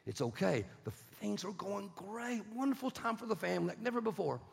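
A man with a raspy, gravelly voice delivers a sermon as a story. He swings between loud bursts and hushed passages, pitched slightly high. A long hall reverb hangs on every word. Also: big pitch swings, brisk.

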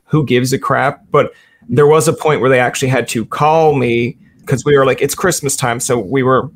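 A man's voice: medium pitch, steady tone, normal speed. A male interviewer asking loose, rambling questions with many fillers. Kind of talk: casual interview chat.

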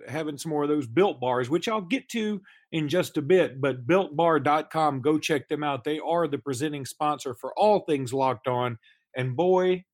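A man in his thirties co-hosting a casual sports podcast, telling stories in a rambling way and often stopping to restart his sentences. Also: fairly high pitch. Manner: rambling, self-interrupting storyteller. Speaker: podcast co-host.

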